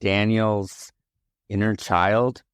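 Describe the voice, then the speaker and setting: A man hosting a podcast, interviewing his guest in a measured, conversational way. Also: fairly low pitch, level tone, clean tone, no echo, clean studio sound. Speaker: podcast host.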